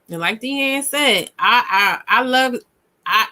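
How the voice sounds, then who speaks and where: A woman co-hosting a casual chat, talking emphatically and repeating her points with punch, dropping low and then bursting out loud and high. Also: expressive, slow pace. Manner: emphatic and ranting, with punchy repetition. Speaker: podcast co-host.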